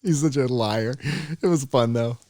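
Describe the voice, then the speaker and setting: A young man co-hosting a podcast, telling a funny spooky story in casual chat, often jumping high and loud when he acts out scared voices. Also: normal speed, no room sound. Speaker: podcast co-host.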